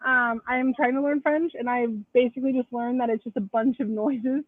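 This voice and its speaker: Woman, podcast guest, sarcastic, laughs a lot, high voice, tinny phone-like dry audio. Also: fairly even intonation, normal speed, no echo. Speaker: podcast guest, tarot author. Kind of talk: casual live podcast chat.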